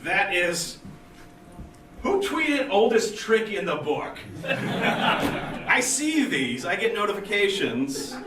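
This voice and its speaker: A man speaking to a live audience at a user group meeting, his voice sitting a bit high. He talks in a lively, chatty way and acts out the people in his anecdotes. The recording is roomy and picked up from a distance, with faint noise behind it. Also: slow pace, long pauses. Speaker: conference speaker. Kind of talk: technical conference talk with storytelling.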